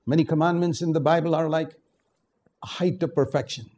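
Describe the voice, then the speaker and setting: An older man from India preaching a sermon, swinging from low asides to loud, emphatic exhortation. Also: steady tone, brisk.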